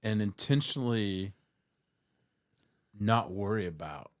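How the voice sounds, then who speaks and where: A male host with a low voice thinks out loud, asking reflective questions and restarting his words as he goes. His delivery is casual and easygoing. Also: expressive, slow pace. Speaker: podcast host. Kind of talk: casual chat.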